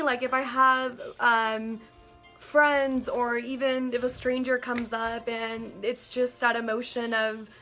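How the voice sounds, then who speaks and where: A woman talking earnestly and gently in a casual, heartfelt monologue to camera, often saying "like" and "you know". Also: on the high side. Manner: earnest and gentle, with many likes and you-knows. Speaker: vlogger sharing personal reflections.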